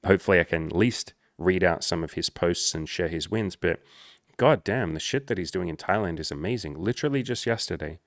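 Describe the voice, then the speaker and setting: A low-voiced man coaches the viewer in a blunt, swearing, animated way, like a dating coach talking to camera. The sound is dry and close, with no room echo. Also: fairly quick. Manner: blunt, profane, animated storytelling. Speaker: social skills coach. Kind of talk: direct-to-camera monologue.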